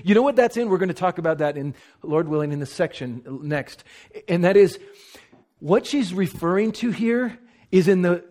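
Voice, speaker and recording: A man preaching a sermon, earnest, moving between slow, soft emphasis and quick asides. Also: on the high side.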